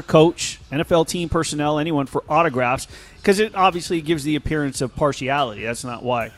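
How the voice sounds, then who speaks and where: A man co-hosting a casual sports talk show, calmly explaining a news item with small hedges. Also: a little high. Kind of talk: casual sports radio chat.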